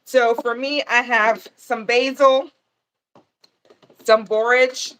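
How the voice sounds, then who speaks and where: A woman's voice: a little high, steady tone, takes it slowly, a bit bright. A woman from Panama hosting a gardening channel, chatting casually on a livestream and answering viewer comments as she goes.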